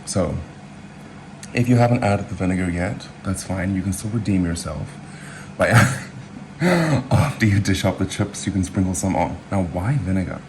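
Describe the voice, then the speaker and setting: A man's voice: low-pitched, lively intonation, moderate pace, heavy background noise. A man from New Zealand who hosts his own cooking video, chatting in a loose, rambling way full of asides and filler words. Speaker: home cook vlogger. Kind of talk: casual cooking chat.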